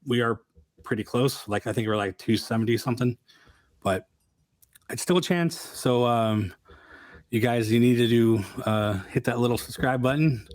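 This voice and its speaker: A man's voice: medium pitch, moderate pace, darkish tone, dry recording. Man host, easygoing and filler-heavy, dry close sound. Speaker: channel host. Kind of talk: casual chat.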